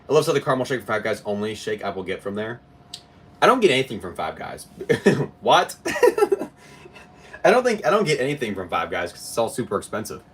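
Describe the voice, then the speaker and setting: A man's voice: medium pitch, a bit bright, far from the mic. A young man streaming live, ranting to his chat in a casual, incredulous way and laughing as he goes.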